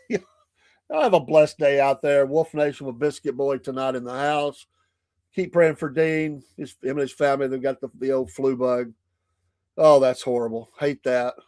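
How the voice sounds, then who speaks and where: A man's voice: a little high, darkish tone, no echo, studio quality. A man with a Southern US accent hosting a morning talk show, chatting casually and laughing often between remarks. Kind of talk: casual chat.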